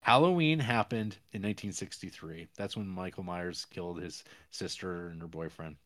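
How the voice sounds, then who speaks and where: A podcast host with a deep, slightly bright voice talks at normal speed, casually recapping a movie's plot in a loose, rambling way.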